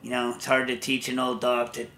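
A man's voice: medium pitch, monotone, a little fast, vocal fry, bright, forceful tone, slight background noise. A man hosting a podcast in casual chat, telling loose, rambling stories and answering listener questions. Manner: rambling, storytelling, loose and chatty. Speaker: podcast host.

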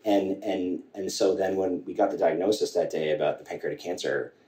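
A man guest telling a personal story in a halting way, with many restarts and quoted dialogue. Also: low voice, fairly even intonation, dark tone. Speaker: podcast guest. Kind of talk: candid storytelling conversation. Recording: echoey room, voice from a distance.

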